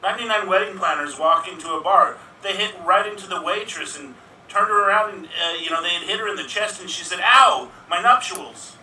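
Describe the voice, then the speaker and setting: Man, playful rambling improv jokes, very bright tone, distant and echoey. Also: high voice, fast, a little hiss or hum. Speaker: improv player. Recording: echoey room, distant mic.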